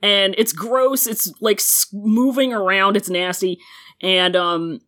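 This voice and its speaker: A woman's voice: medium pitch, steady tone, takes it slowly, a bit bright. A woman co-hosting a podcast, retelling a show in casual chat, laughing often and swearing freely. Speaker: podcast co-host.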